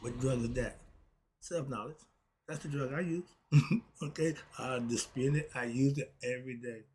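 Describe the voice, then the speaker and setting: Husky man preaching about happiness. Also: medium pitch, normal speed, a little mellow. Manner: preachy, repeats rhetorical questions and answers them. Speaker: self-help philosophy talk host. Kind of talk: casual spoken lecture.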